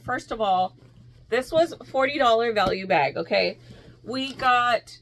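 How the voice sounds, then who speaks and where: A woman vlogging casually to camera, telling stories with quick asides, bursts of laughter and an animated delivery. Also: on the high side. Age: adult with a school-age daughter. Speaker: crochet vlogger.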